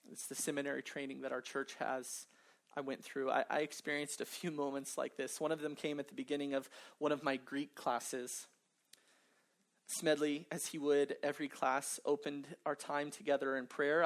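A woman's voice: low-pitched, vocal fry. A woman preaching a sermon, earnest and emphatic, with humorous asides.

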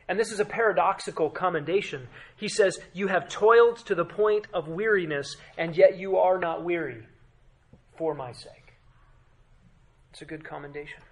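A man preaching a sermon as pastor, emphatic, with dramatic drops to a quiet voice and rhetorical questions to the congregation. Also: on the high side.

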